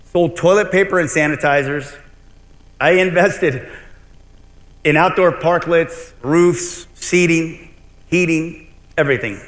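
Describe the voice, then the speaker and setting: A man's voice: fairly high pitch, takes it slowly, long pauses, fairly bright tone. A middle-aged man giving a conference keynote as a restaurant owner, telling his story bluntly and animatedly, with some swearing. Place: large convention hall. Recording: long hall reverb.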